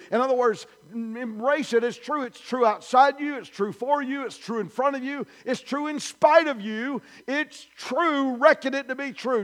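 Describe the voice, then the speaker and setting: A male pastor preaching a sermon in a church, emphatic and repetitive, building his points through repeated declarations. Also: sits high. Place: church sanctuary.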